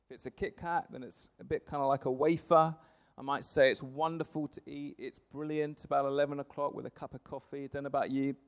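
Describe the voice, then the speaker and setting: A man, preaching a sermon to a congregation, punching words loudly then letting phrase ends fall soft. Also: medium pitch, fairly quick, gravelly. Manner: lively, swings from loud emphasis to soft trailing phrase ends. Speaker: pastor. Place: church service before a congregation.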